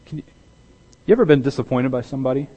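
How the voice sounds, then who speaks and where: A pastor delivering a conversational sermon, often restarting his sentences and growing animated when he acts out what is said. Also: mid-range voice, rapid-fire, husky, muffled recording. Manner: conversational with repeated restarts, grows loud and animated in dramatized quotes.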